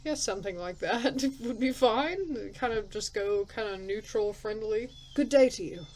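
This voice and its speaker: A woman's voice: medium pitch, moderate pace, rough recording. A woman playing a story game, reading its text aloud and thinking aloud in casual, chatty commentary, laughing at herself. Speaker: let's player.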